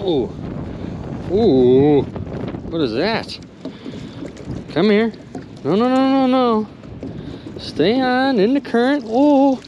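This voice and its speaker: An excitable man calls out to his viewers from a small boat on a river, his voice swinging up and down as he reacts. He talks in a loose, casual way. Faint noise from the water and boat sits behind him, picked up by a camera mic. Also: extremely high pitch, takes it slowly, pauses often, muffled recording. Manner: excitable, loud exclamations, addresses viewers as you guys and dude. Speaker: magnet fishing vlogger. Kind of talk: excited outdoor vlog commentary.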